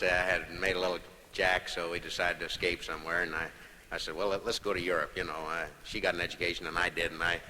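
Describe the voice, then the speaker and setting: A man doing a rambling stand-up monologue, giggling between playful asides. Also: low voice. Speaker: comedian. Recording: live hall with long reverb, loud hiss.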